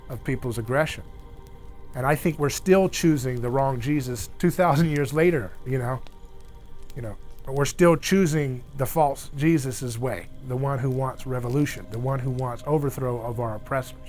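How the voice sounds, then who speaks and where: A man hosting a casual discussion around an outdoor fire, talking in an animated way and acting out the voices he quotes. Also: medium pitch, normal speed, soft background music. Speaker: host.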